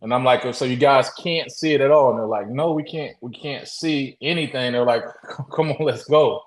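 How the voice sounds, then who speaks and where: Halting man telling a story, roomy echo. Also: medium pitch. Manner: halting, with many restarts and acted-out quotes. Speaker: interview guest. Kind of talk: casual storytelling.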